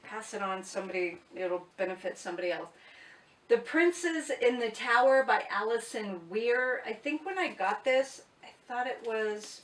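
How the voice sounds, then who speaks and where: Chatty and blunt, a booktuber jokes at her own expense in a casual book vlog. Her voice leans high and expressive, with a moderate pace and a slightly bright tone. An echoey room and a distant mic shape the sound.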